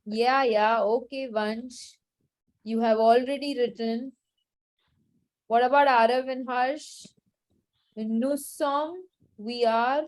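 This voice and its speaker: A woman's voice: fairly high pitch, fairly even intonation, takes it slowly. A woman teaching a French lesson to children, patiently repeating each phrase with its translation and checking understanding.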